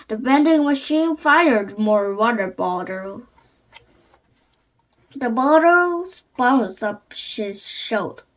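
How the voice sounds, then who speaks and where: High-voiced woman reading a storybook slowly. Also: a bit bright. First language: Korean. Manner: careful, halting reading with frequent restarts. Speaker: channel host and reader. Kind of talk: reading a children's chapter book aloud.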